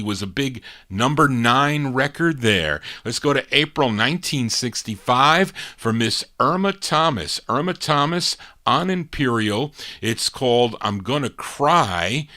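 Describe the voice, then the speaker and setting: A man's voice: medium pitch, pushed and bright. A man hosting an oldies radio show, chatting about records and correcting himself as he goes. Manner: chatty, self-correcting, full of record trivia.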